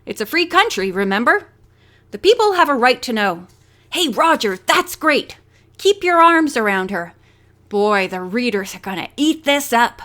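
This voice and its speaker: A woman's voice: on the high side, sing-song, normal speed, pushed and bright. A woman reading a brash male reporter. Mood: flippant. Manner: brash, mocking. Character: brash male newspaper reporter, pushy and flippant. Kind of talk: audiobook character voice.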